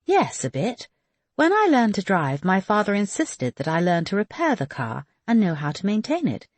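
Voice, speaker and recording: A woman voicing a poised, capable young woman who speaks politely and briskly, her lines lively in pitch. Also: no room sound.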